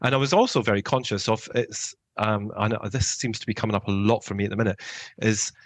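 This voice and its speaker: A man's voice: fairly low pitch, fast talker. A man co-hosting a podcast, chatting casually in a rambling, self-deprecating way. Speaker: podcast co-host.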